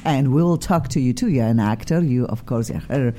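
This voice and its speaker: A woman's voice: a little fast, warm tone, a little hiss or hum. A woman with a Polish accent hosting a radio talk show from a studio, effusive and theatrical. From Poland. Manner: exuberant and theatrical, swooping pitch.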